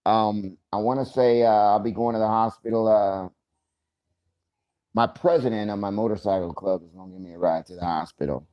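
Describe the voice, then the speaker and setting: A man's voice: fairly low pitch, fairly even intonation, moderate pace, highs cut off. A man hosting a casual livestream, talking loosely and profanely, joking, and greeting viewers by name. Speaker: livestream host.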